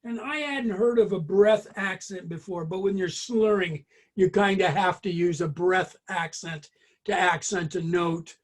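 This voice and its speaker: Brass lesson leader, male, high-pitched, chatty and halting with frequent fillers. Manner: chatty, hesitant, many ums and restarts. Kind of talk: casual spoken music lesson.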